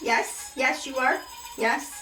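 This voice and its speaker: An older woman hosting a children's storytime show, talking to puppets in a gushing, animated way. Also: sits high, slow pace, roomy sound, faint music behind, low-quality recording. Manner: gushing, sing-song and animated. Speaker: storytelling host.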